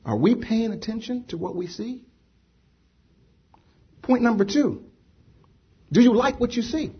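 A man's voice: extremely high pitch, animated, unhurried, husky, lo-fi sound. A man preaching a sermon to a congregation, emphatic, repeating rhetorical questions. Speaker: pastor. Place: church with a congregation.

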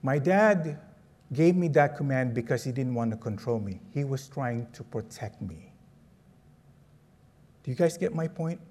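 A man from the Philippines, preaching a sermon with a personal story and asking the audience questions in a lively, conversational way. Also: mid-range voice, unhurried, long pauses.

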